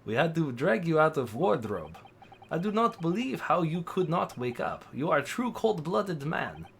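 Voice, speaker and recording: A man's voice: on the high side, sing-song, moderate pace, vocal fry, a bit bright, slight background noise, heavily acted. A man voicing a stern male ship's officer, reading game dialogue with clipped, accusing phrasing.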